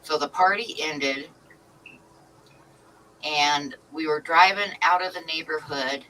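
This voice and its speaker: Middle-aged lady on a livestream, chatty and lively, a bit far from the mic. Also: deep voice, slow pace. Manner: animated storyteller, laughs often. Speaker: livestream host. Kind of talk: casual storytelling chat. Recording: slightly distant mic with faint noise.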